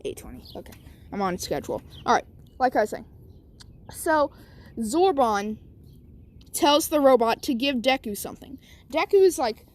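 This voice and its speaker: A woman's voice: sits high, very animated, normal speed, long pauses, darkish tone. A woman telling her own fan story casually, rambling and correcting herself as she goes.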